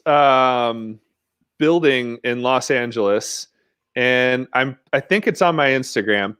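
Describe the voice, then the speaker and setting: A man's voice: medium pitch, a bit bright, smooth, no echo, studio quality. A man telling stories as a podcast guest in a laid-back, casual way, with frequent fillers. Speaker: podcast guest, mountain bike rider. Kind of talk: casual interview chat.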